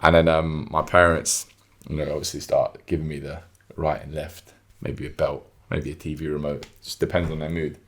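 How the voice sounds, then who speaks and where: A man's voice: rumbling low, moderate pace. A young man, co-hosting a casual podcast chat and animatedly telling stories, acting out his mother's lines. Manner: animated storytelling, acts out his mum's lines. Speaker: podcast co-host.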